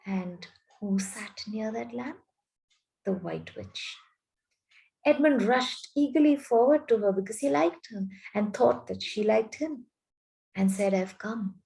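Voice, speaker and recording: A woman English teacher reading a story aloud and explaining it in a slow, explanatory way. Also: on the high side, lively intonation, creaky, warm tone, low-quality recording.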